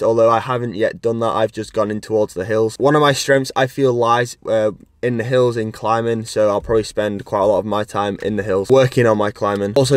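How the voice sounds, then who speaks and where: Brief: young man, quick chatty cycling vlogger, talks on the go outdoors. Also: fairly low pitch, dry recording. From Ireland. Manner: chatty, talks while riding and catching breath. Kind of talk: casual vlog to camera. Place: outdoors on the road.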